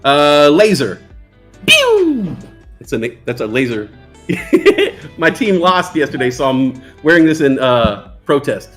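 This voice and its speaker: A man's voice: medium pitch, big pitch swings, unhurried, soft background music. A man hosting a casual trading livestream, joking around and reading out chat comments. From New York. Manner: playful, jokey, reads chat aloud. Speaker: livestream stock trading host.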